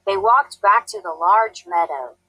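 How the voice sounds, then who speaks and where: A woman teacher reading a storybook aloud to a class, clear, deliberate and expressive. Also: medium pitch, no echo, low-quality recording.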